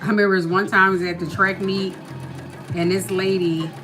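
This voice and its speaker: A woman's voice: medium pitch, level tone, brisk. A woman vlogger chatting casually, telling stories with many asides. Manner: chatty, storytelling, full of asides. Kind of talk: casual chat. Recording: music playing behind the voice.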